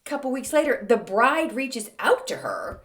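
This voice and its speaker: A woman's voice: sits high, big pitch swings, normal speed, a bit bright. A woman hosting a podcast, telling a story in a casual, chatty way with plenty of fillers. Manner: chatty, conversational, many fillers like "um" and "like". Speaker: podcast host.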